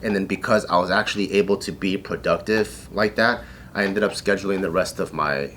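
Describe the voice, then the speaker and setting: A man in his thirties swaps stories on a casual podcast, cursing freely. He breaks into laughter and acts out gruff shouted lines. There is a faint hum of room noise behind him. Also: sits low, brisk. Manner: profane, laughing storyteller acting out drill instructors. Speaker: podcast co-host telling a story. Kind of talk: casual chat.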